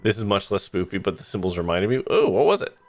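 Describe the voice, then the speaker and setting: A man's voice: lowish voice, very animated, fast, soft background music. A man streaming a game, chatting casually in a rambling way with lots of fillers. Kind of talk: casual let's-play commentary.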